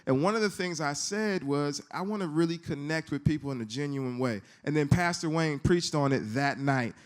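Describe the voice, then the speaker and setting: A man speaking at a church service, telling a trip story in a relaxed, joking conversational way. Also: fairly high pitch, moderate pace. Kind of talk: sermon testimony.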